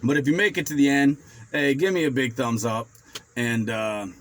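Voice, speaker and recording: Guy in his 40s rambling through an old story on his vlog, cusses a bit, mid-pitched. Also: moderate pace, a little hiss or hum. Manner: rambling, animated when quoting himself, swears freely. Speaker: finance vlogger.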